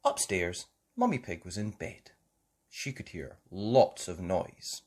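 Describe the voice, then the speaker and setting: A woman reading a children's picture book aloud in a slow, expressive way. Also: rumbling low, slightly rough. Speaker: children's story reader. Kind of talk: storybook read-aloud.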